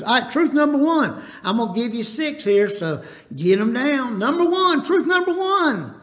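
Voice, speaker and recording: A man delivers a Baptist sermon in a notably high voice. He wanders through homespun stories, then stops to ask the congregation to repeat lines back to him. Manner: folksy, rambling, calls out for congregation responses. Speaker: Baptist preacher. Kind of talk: storytelling sermon.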